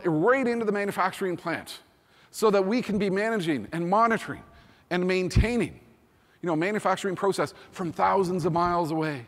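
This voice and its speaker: A man in his fifties giving a keynote talk, energetic and emphatic, often repeating "think about" and "you know". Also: high voice. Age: 50s. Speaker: keynote speaker. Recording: long hall reverb.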